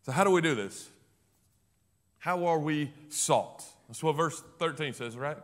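Male pastor, high voice, emphatic sermon delivery with loud peaks and quiet stretches. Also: a little slow. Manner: emphatic, swings from loud declarations to hushed low passages.

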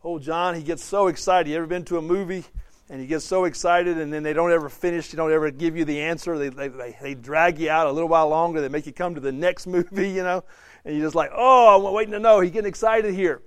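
Man teaching a lively Bible study. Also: on the high side, fast, clean tone, no room sound. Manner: conversational, asks the class questions, acts out quotes.

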